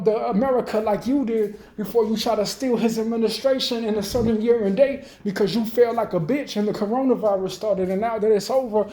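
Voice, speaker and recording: Rambling, profane man with a dark voice. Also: sits high. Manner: profane, loose, rambling, talks fast then trails off. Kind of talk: rambling monologue rant. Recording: roomy echo.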